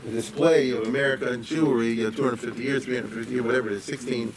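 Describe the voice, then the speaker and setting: A man teaching a class as a rabbi, in a conversational, digressive way that grows animated when he quotes. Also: mid-range voice, racing, a loud crowd. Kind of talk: informal lecture. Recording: distant mic with faint room noise.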